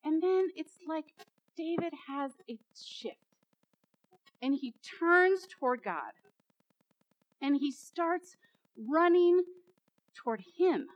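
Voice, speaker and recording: High-voiced woman preaching a slow sermon. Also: expressive, dry recording, low-quality recording. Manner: dramatic, repetitive, building to emphatic peaks.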